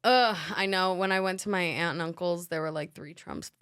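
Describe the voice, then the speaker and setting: A woman's voice: lowish voice, brisk, a bit bright, smooth, no echo, clean studio sound. A woman comedian co-hosting a podcast in casual chat, jumping in with playful jokes and exaggerated reactions. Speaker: podcast co-host, stand-up comedian.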